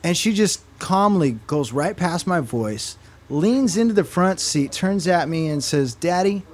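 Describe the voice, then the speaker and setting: A man's voice: fairly high pitch, animated, unhurried, darkish tone. A man hosting an online talk radio show, chatting and telling a personal story in a conversational way.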